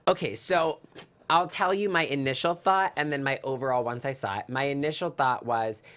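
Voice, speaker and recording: A man co-hosting a casual review show about TV holiday movies, talking at length with enthusiasm and quick asides. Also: mid-range voice, fairly bright tone.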